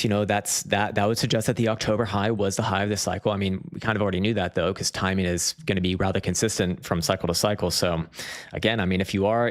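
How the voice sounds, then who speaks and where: Man, low-ish voice, casual livestream host, rambling, profane. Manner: rambling, profane, laughs often. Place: dim room at home.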